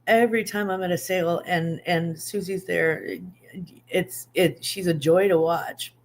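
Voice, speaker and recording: In a fairly low, steady voice at a slightly slow pace, a woman in her fifties runs a casual livestream. She jokes about herself and responds to viewer comments as she reads them out.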